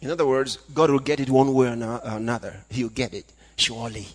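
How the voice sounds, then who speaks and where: A man preaching a sermon, reading scripture aloud and swinging between loud calls and hushed asides. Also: medium pitch, fairly quick. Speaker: pastor. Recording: long hall reverb.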